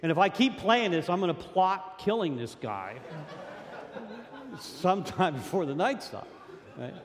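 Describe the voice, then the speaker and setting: A man's voice: high voice, sing-song, a little slow. Man telling his story in a reverberant hall. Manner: rambling, repeats words, acts out quotes. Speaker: speaker at a recovery meeting. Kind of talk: personal story talk.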